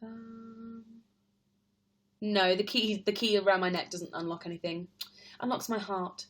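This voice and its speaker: A woman's voice: medium pitch, fairly even intonation, measured pace. A young woman with an English accent, chatting on a live stream, reading out viewers' questions and laughing often. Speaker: stage performer live-streaming to fans. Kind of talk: casual live-stream chat answering comments.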